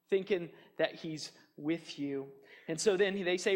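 A man preaching a sermon, animated and chatty, acting out taunts with fillers and restarts. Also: high-pitched, moderate pace, in a large hall. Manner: animated, mocks enemies' taunts in a raised voice. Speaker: pastor.

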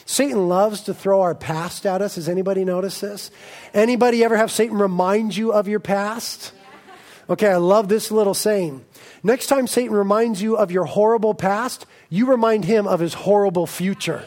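A male pastor preaching with lively, joking energy. His voice sits notably high for a man. He tells the story with playful, animated asides. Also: moderate pace. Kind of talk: sermon.

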